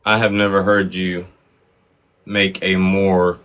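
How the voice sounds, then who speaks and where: A man's voice: low-pitched, level tone, slow pace, fairly bright tone. A man joining a group livestream, making dry, teasing remarks. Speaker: livestream guest. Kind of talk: casual livestream chat.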